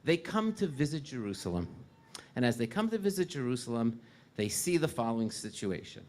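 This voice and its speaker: A man giving a sermon as a rabbi, telling stories and rising loud when he quotes figures. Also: mid-range voice, very animated, brisk.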